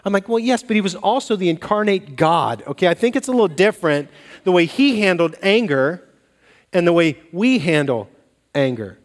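Guy preaching, high voice, acts out little conversations, big echoey church. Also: moderate pace. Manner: animated storytelling, acts out dialogue. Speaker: pastor. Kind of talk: sermon. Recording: long reverb of a large hall.

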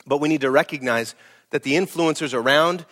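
A man's voice: fairly high pitch, brisk. Emphatic preaching man. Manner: emphatic, blunt, preacherly, swings between loud and hushed. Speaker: pastor. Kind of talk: sermon.

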